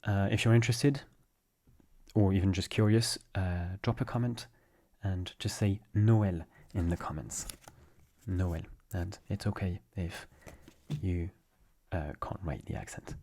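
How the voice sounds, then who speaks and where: French man teaching pronunciation, mellow low voice. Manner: patient, explains step by step, repeats examples slowly. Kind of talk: casual pronunciation lesson.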